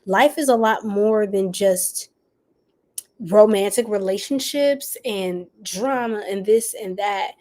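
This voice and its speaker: This tarot reader has a mid-range, darkish voice and gives a casual reading on a live stream. Bubbly, giggly and slangy, she laughs often and chats with her viewers.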